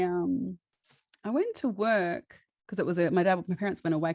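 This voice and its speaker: A woman's voice: low-pitched, a little mellow, no room sound, studio quality. A woman, a guest chatting through a personal story, laughing often and restarting her sentences.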